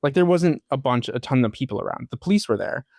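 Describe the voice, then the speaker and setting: A man co-hosting a casual podcast, mostly adding short agreeing remarks and quick asides. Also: medium pitch, lively intonation, creaky, darkish tone, dry recording. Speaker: podcast co-host.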